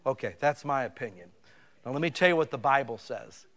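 A male pastor preaching a sermon in a folksy, conversational way, building to loud emphasis on scripture. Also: mid-range voice, expressive, brisk.

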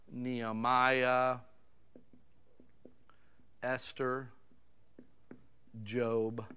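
A man preaching a sermon in a folksy, conversational way, swinging between loud emphatic bursts and quiet asides. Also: fairly high pitch. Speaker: pastor.

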